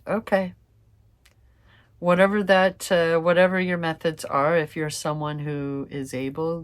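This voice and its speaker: Slow-talking, excitable woman reading tarot. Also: low voice. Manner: chatty, excitable, swearing casually, calling viewers fam. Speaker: tarot reader. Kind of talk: casual tarot reading to camera.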